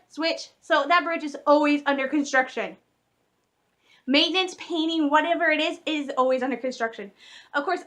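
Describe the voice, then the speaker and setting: A woman's voice: sits high, pushed and bright. A woman, vlogging in a rambling, chatty way, laughing often and correcting herself mid-sentence. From Michigan, USA. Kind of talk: casual vlog chat.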